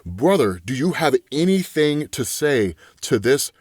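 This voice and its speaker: A man reading out the lines of a proud, cold young sorceress in a slow, deliberate comic-book reading. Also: mid-range voice, sing-song, darkish tone, husky, no room sound, studio quality.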